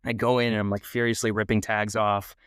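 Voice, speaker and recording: A man's voice: fairly low pitch, flat delivery, fairly quick, fairly bright tone, clean tone, no room sound, studio quality. A young man telling a self-deprecating story in a casual interview, rambling with many restarts. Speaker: guest filmmaker.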